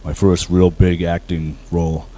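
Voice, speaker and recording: A very low, mellow-voiced man speaks as a guest in an interview. He talks about his work humbly, with frequent fillers and restarts. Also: little pitch movement, unhurried, slight background noise, poor audio. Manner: humble, hesitant with many fillers. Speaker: actor guest. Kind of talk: casual interview.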